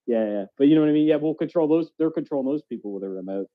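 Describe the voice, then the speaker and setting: A man's voice: fairly high pitch, lively intonation, very fast. A man co-hosting a podcast in casual chat, rambling loosely and often asking "you know what I mean". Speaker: podcast co-host. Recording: dull lo-fi audio.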